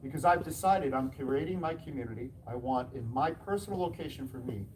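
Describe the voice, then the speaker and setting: A man who runs a martial arts school tells animated anecdotes to an audience, acting out the dialogue and laughing along. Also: mid-range voice, brisk, distant mic, slight background noise, low-quality recording. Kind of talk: storytelling talk to an audience.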